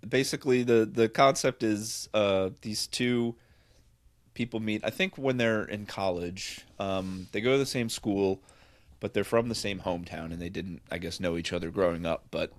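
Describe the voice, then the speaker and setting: A man's voice: low-pitched, fairly even intonation, a little slow. A man co-hosting a podcast, rambling enthusiastically about films in casual chat with lots of fillers. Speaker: podcast co-host.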